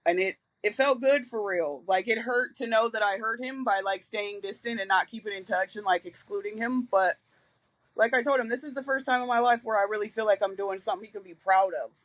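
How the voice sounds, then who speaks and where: A woman's voice: mid-range voice, a little fast, no room sound, poor audio. A woman in her forties, a guest on a podcast, telling her own story candidly and frankly, with casual swearing. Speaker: guest, reentry liaison.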